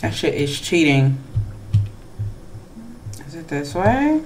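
A gamer narrates a scary game in a chatty, slightly nervous let's play commentary and keeps talking back to the characters on screen. The delivery is unhurried, and hushed asides sit between louder moments. Faint noise and soft keyboard typing run underneath. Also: medium pitch, big pitch swings. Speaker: gamer playing horror games.

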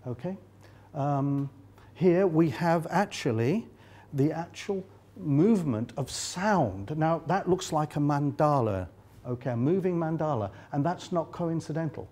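An older man from England, with an English accent, delivers a chatty, joking lecture with slides at a live conference in a hall. His voice is a little high and animated, with a darkish tone and an unhurried delivery, and he uses many fillers.

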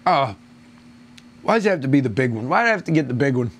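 A man's voice: medium pitch, sing-song, fast, a little hiss or hum. A man reviewing a beer on his own, rambling, groaning and complaining in crude language. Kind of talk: casual solo review.

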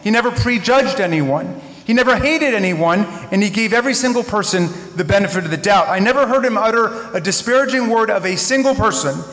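A man's voice: high-pitched, animated, fairly quick, a bit bright. A man in his fifties giving a memorial tribute speech in a large synagogue hall, telling stories earnestly with wry humor. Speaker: eulogist. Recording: echoey hall with long reverb.

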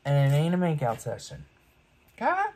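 Blunt low-voiced woman in her fifties. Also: huge pitch swings, normal speed, noisy background. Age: 50s. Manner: blunt, ranting, swears freely. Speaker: beauty vlogger. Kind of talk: get-ready-with-me commentary.

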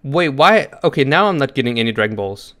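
An excitable guy chatting through a co-op video game with a mid-range voice at an everyday pitch. he laughs a lot, cheers his partner on and gets loud when things go well. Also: a little fast. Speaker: co-op gaming partner. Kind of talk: live gameplay chat.

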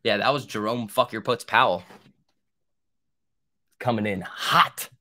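A man's voice: lowish voice, a little slow, bright, forceful tone. A young man hosting a trading livestream, answering viewer questions in a rambling, profane, joking way. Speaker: stock trading livestream host.

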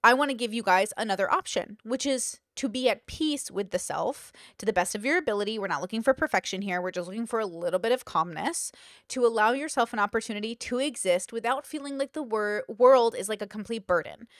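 A woman's voice: on the high side, animated, brisk, dry recording, clean studio sound. A woman hosting a podcast, talking in a casual, emphatic monologue with many rhetorical questions. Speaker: podcast host.

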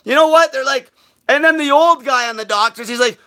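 A high, piercingly bright male voice tears through an angry vlog rant, swearing nonstop. He mocks his critics in a drawn-out, sneering tone. He sounds furious and contemptuous. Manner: profane, shouting, furious; mocks others in slow sneering voice. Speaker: diet channel host.

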